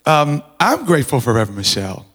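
A man giving an earnest, halting testimony of thanks to his church, often restarting his sentences. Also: medium pitch, very animated, fairly bright tone, breathy edge. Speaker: congregant sharing gratitude. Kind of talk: informal personal testimony. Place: church sanctuary. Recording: reverberant hall.

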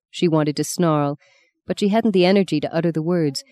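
A woman narrating an audiobook in a steady, measured storytelling voice, close to the mic. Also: low voice. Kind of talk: scripted narration.

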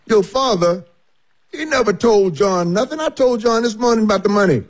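A man's voice: high-pitched, lively intonation, moderate pace, husky. A man playing a chuckling older servant. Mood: folksy. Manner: chuckling, folksy, easygoing. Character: older folksy household servant, good-humored.

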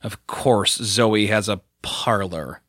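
A man voicing a confident young woman who speaks low, quiet and clipped. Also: big pitch swings, normal speed, no echo, studio quality. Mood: calm. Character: cool, determined young woman, fearless.

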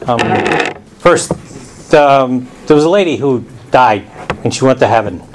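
A man with a mid-range voice speaks casually to residents at a community meeting. He tells stories in a relaxed way, and there is a faint hum behind him. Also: medium pitch, a little slow.

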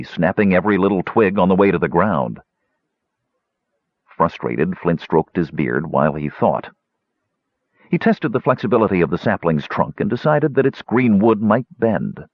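A man narrating a fantasy audiobook in an expressive, measured storytelling voice. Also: lowish voice, no room sound. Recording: dull lo-fi, dry audio.

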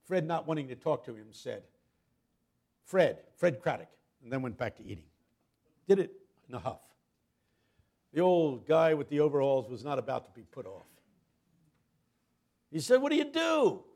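An older man delivers a sermon as a guest preacher, with a gravelly edge to a voice that sits a bit high. He tells his story dramatically, sinking to near hushes and then swelling loud as he acts out each person's lines. The delivery is lively and theatrical. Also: normal speed, long pauses.

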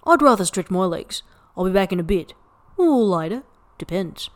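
A woman's voice: mid-range voice, animated, normal speed, lightly acted. Brief: breezy, restless young man who rambles offhandedly, as a woman reads him in a podfic. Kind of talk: podfic reading.

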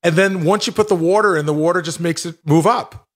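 A man's voice: sits high, fairly quick. A middle-aged man telling self-deprecating stories on a radio show. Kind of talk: anecdotal radio banter.

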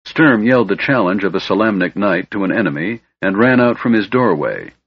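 Low husky male audiobook narrator. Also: expressive, dry recording. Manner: measured, dramatic storytelling. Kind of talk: scripted fantasy narration. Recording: dull lo-fi recording, dry.

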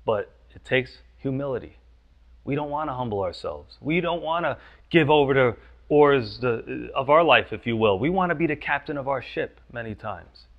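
Male pastor, casual preaching with lots of "you know", gravelly tone, muffled recording. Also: mid-range voice, expressive, normal speed. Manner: conversational, frequent "you know" and "right?". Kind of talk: sermon.

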